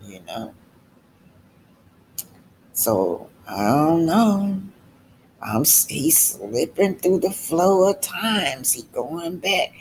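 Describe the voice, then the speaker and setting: A man delivers unhurried, emphatic commentary on a reality show, often repeating himself and turning to his viewers. His voice is gravelly, and he drawls along at a slow pace. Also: mid-range voice, darkish tone, slight background noise. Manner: emphatic, addresses viewers as y'all, repeats points. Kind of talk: casual reaction commentary.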